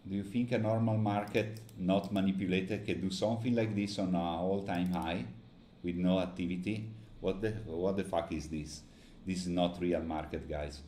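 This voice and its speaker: Brief: weary male streamer with a very low voice, grumbling live trading commentary, echoey room with faint hiss. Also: fairly even intonation, normal speed, warm tone. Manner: frustrated, complaining. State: tired.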